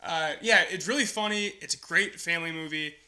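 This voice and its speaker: A man's voice: a little high, a little fast, pushed and bright. A young man co-hosting a podcast, chatting casually and gushing with enthusiasm about movies. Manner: enthusiastic, gushing, laughs often. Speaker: podcast co-host. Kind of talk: casual movie review chat.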